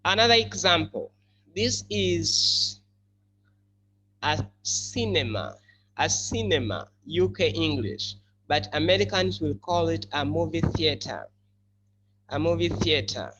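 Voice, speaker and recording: A male English teacher giving a classroom lesson, explaining slowly and repeating key words for his students. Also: on the high side, sing-song, pushed and bright. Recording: slightly muffled with faint hum.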